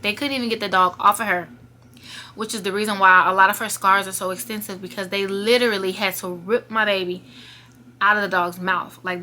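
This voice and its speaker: A young woman tells her viewers a painful personal story in a casual, emotional storytime vlog, speaking straight to them, earnest and fighting back tears. Her medium-pitched voice is bright and forceful, with slight background noise.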